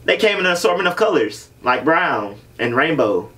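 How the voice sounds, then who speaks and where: A man with a slightly high voice hosts a casual podcast. He riffs and jokes his way through the chat with his co-host. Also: sing-song, moderate pace, pushed and bright, distant mic. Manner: joking, riffing banter.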